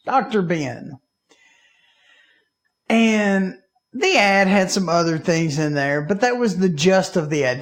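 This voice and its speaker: A man from Alabama, co-hosting a podcast and telling a story in a lively way, acting out his own panicked reactions. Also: high-pitched, slow, long pauses. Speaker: podcast co-host. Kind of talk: casual chat.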